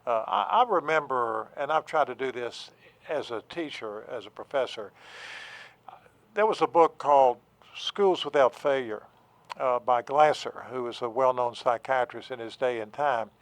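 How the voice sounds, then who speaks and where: A man talking as a therapist and professor on a radio show, halting, with many fillers and restarts. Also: mid-range voice, animated, dry recording. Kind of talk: casual radio talk.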